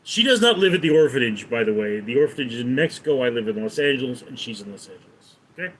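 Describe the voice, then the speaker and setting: A man's voice: mid-range voice, lively intonation, quick pace, a little hiss or hum, rough recording. A man chatting casually on a live stream, telling a rambling joke and reading out and answering viewer comments. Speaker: livestreamer. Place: home in Los Angeles.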